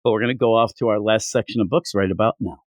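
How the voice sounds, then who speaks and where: A man co-hosting a comic book podcast in casual review chat, animated and prone to acting out dialogue. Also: fairly low pitch, fast talker, no echo. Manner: animated, acts out dialogue with loud outbursts. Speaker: podcast co-host.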